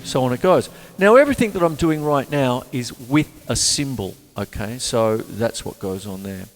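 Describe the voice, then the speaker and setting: An older man hosting a casual drum lesson, chatty and singing rhythms out loud as he plays. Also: mid-range voice, expressive, normal speed, over music. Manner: chatty, sings rhythms aloud. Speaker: drum teacher and show host. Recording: reverberant room with drums.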